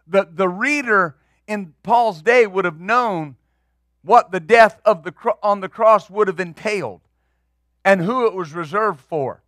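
High-voiced, bright preaching pastor. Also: male voice, unhurried, no echo, studio quality. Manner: preaching with rising, emphatic outbursts and repeated words. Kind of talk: sermon.

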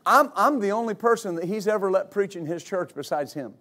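High-voiced male pastor preaching. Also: expressive, brisk. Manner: storytelling with loud exclamations and laughter. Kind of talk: sermon.

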